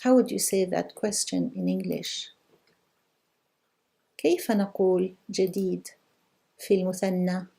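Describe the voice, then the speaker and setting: A woman's voice: on the low side, wildly swooping pitch, gravelly, dark tone, breathy edge. Patient woman teaching a live online lesson. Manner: patient, repeats questions slowly and praises answers. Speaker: language teacher.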